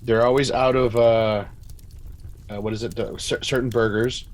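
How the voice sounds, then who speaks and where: A man's voice: medium pitch, steady tone, moderate pace. Stammering man in casual chat. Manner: stammering, repeats words.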